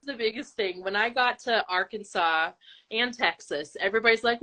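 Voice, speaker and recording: A woman's voice: medium pitch, normal speed, bright, forceful tone. A woman guest in a casual interview, talking with chatty enthusiasm. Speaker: band member guest.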